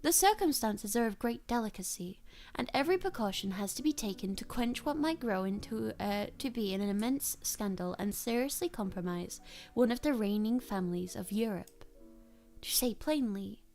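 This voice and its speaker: A woman's voice: medium pitch, lively intonation, normal speed, a little mellow, lightly acted. A woman voicing an imposing, guarded male nobleman in a read-aloud story. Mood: formal.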